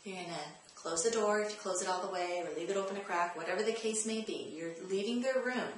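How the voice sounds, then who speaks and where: In a very echoey room with faint ambience and a little hiss or hum, a fast-talking woman with a mid-range voice runs a parenting tips vlog. She addresses the viewer directly like a coach and repeats her key points.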